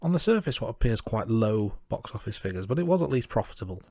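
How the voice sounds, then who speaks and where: A man from the English Midlands co-hosting a casual film podcast, steady and dryly teasing. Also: on the low side, fast, no room sound, clean studio sound. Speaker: podcast co-host.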